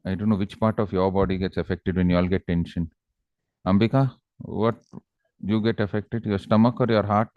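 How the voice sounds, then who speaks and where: Low-voiced Indian English teacher, calm and coaxing. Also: male voice, normal speed, dry recording, phone-quality sound. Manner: calm, coaxing, acts out characters in anecdotes. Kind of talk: exam-prep lecture with storytelling.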